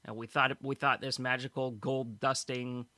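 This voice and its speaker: Bright-voiced male podcast host. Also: medium pitch, level tone, normal speed, no room sound. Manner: summarizes news stories, laughs easily. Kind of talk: casual podcast chat.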